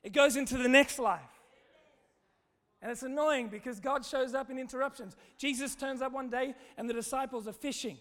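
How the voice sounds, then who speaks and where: High-voiced preacher in a hall. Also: male voice, normal speed. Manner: conversational, humorous, animated storytelling. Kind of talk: sermon with storytelling. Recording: long hall reverb.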